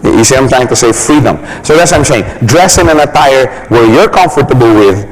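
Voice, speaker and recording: A man giving a motivational business talk, laughing often and acting out quick examples in funny voices. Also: medium pitch, lively intonation, slight background noise, rough recording. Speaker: business trainer.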